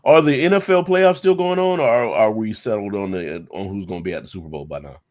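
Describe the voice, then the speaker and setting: A man's voice: lowish voice, fast. A man co-hosting a casual podcast chat, musing aloud and swearing freely. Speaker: podcast co-host.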